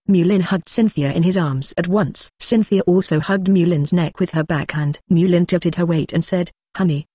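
This is a text-to-speech voice narrating an audiobook of a translated web novel. It reads narration and dialogue alike in one flat, even tone. The recording is dry and close, with no room around it. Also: medium pitch, no echo.

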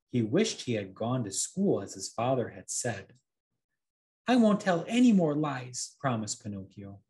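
A man gently reading a bedtime story aloud to children as a storyteller. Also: fairly low pitch.

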